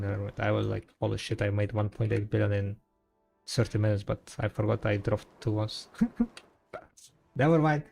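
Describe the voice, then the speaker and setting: A man's voice: medium pitch, creaky, a little mellow. A man chatting casually on a gaming stream in a rambling, laid-back way, full of fillers and restarts. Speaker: game streamer.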